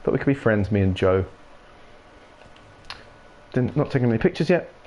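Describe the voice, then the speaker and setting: A man's voice: mid-range voice, expressive, moderate pace, a little mellow, a little hiss or hum. A man giving casual, jokey game commentary with rambling, playful asides. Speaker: gaming streamer.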